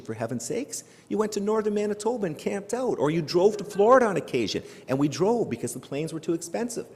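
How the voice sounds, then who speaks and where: A middle-aged man from Canada giving a humorous keynote speech, animated and joking, full of rhetorical questions, recorded live in a large hall before an audience. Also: fairly high pitch. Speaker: keynote speaker. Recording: live hall with long reverb.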